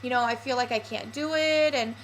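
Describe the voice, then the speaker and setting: A woman's voice: a little high, brisk, a little hiss or hum, poor audio. A young woman vlogging casually and candidly, with lots of fillers. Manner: chatty, candid, with many fillers. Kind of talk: casual personal vlog.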